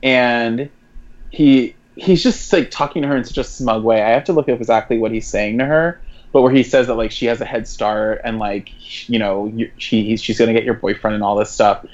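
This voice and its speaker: A man co-hosting a podcast, talking casually and in a rambling, animated way about a TV episode, with quick asides. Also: mid-range voice, muffled recording. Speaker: podcast co-host.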